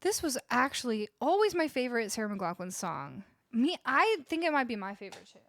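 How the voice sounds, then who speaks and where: Her voice sits on the high side, sing-song and fairly quick with a fairly bright tone. She's a Canadian musician chatting casually with viewers between songs on a home livestream, cooing at her dog, close to a studio vocal mic.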